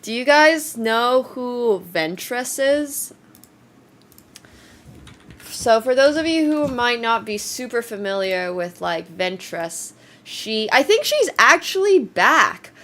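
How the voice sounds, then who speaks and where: Taking it slowly, a woman speaks in a fairly high, sing-song, fairly bright voice. It's casual live-stream chat: she's somewhat congested, her voice shakes a little, and she rambles while thanking her audience.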